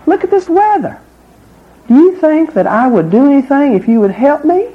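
A sly rattlesnake begs in a raised, squeaky voice, as a woman puts it on while telling a story. His pleading is coaxing and sneaky. The recording sounds a little dull. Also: big pitch swings, moderate pace. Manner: wheedling, begging.

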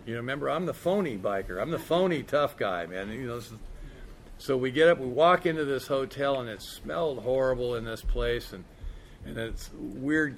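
A man candidly telling a recovery story in a casual, profane way, peppered with "man" and "you know". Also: medium pitch. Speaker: speaker sharing his recovery story.

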